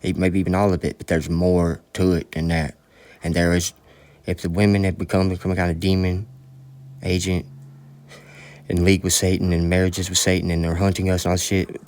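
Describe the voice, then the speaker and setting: A man's voice: sits low, a little mellow. A man delivering a rambling, preachy spoken monologue, full of profanity.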